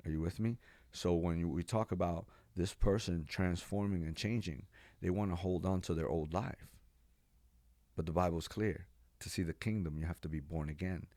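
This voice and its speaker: Man, 40s, from New York, pastor, very low voice, animated slangy storytelling, podcast guest. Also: moderate pace, dry recording. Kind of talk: personal testimony in a podcast interview.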